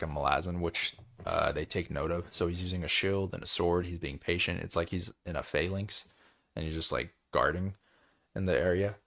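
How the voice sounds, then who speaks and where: A tired, yawning man hosting a book club, rambling through a casual chapter recap full of fillers and quick character voices. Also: low-pitched, fairly bright tone.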